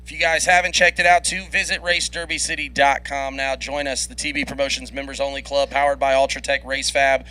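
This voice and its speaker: A man's voice: medium pitch, flat delivery, pushed and bright, poor audio. A man calling drag races live, rattling off dials and reaction times, laughing often between runs. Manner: quick play-by-play, laughs often. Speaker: drag racing commentator. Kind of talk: live race commentary. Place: racetrack broadcast booth.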